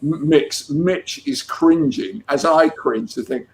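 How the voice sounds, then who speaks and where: A man's voice: on the high side, takes it slowly, few pauses, a little hiss or hum. A man, a comics artist chatting casually as an interview guest, with many restarts. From England. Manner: chatty storyteller with frequent restarts.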